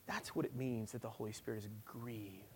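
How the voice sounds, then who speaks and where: A male pastor preaching a sermon at a church service, swinging from loud, emphatic lines to hushed, near-whispered ones. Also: mid-range voice, brisk, a little hiss or hum.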